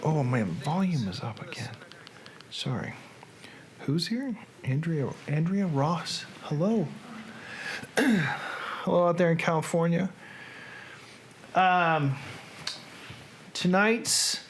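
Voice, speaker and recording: A man's voice: a little high, a little hiss or hum. A man with a Southern US accent hosting a live reading stream, chatting casually and rambling with small self-corrections. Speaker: host of a live reading show.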